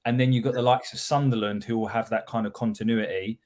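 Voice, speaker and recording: A man co-hosting a live podcast, talking through his points in a measured, analytical way. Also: medium pitch, steady tone, a little mellow. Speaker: podcast co-host. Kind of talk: casual live-stream chat.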